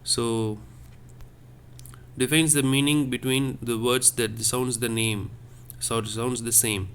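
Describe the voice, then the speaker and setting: A man's voice: medium pitch, steady tone, slow pace, a bit bright, slight background noise. A man teaching a lesson on French accents, explaining patiently and repeating each point step by step.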